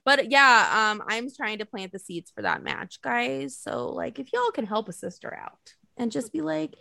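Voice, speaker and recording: A woman co-hosting a casual chat, telling lively stories, swearing freely and acting out quotes. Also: on the high side, normal speed, vocal fry, no echo, clean studio sound. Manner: animated storytelling, swears freely, acts out quotes. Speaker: podcast co-host.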